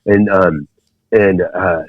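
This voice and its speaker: Low-voiced man telling a story. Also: steady tone, slow, no echo. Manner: rambling, many fillers and restarts. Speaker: podcast guest. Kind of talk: storytelling in conversation. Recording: dull, dry podcast audio.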